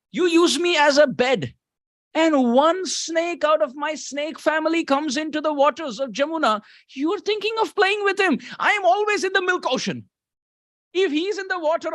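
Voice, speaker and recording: An Indian-accented man voicing a playful divine elder brother who teases his younger brother in a high, laughing voice. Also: a bit bright, no room sound, studio quality.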